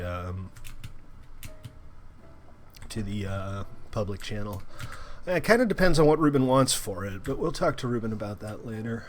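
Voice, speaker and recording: Playful, animated young streamer man. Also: on the low side, slight background noise. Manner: playful and animated, with bursts of loud cheering. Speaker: game streamer. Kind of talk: live-stream commentary.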